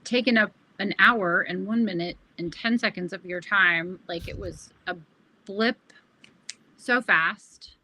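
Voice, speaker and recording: A woman's voice: medium pitch, measured pace, bright, forceful tone, rough recording. A woman co-hosting a casual video talk show, thanking the guest and bantering playfully. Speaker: co-host. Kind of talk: casual chat.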